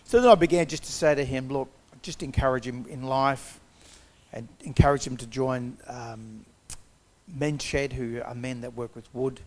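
A man's voice: medium pitch, moderate pace, darkish tone. A man giving a personal testimony, retelling events conversationally and acting out the quotes.

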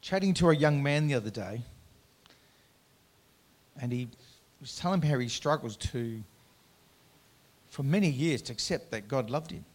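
A man preaching a sermon as pastor, earnest, swinging from loud emphatic lines to quiet conversational asides, drawing out key words. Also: medium pitch, expressive, moderate pace, long pauses.

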